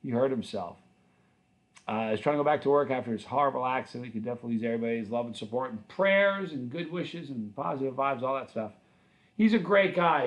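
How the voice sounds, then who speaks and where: A middle-aged man hosting a livestream, answering viewer comments in a loose, rambling, friendly way with many restarts. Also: mid-range voice. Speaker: channel host.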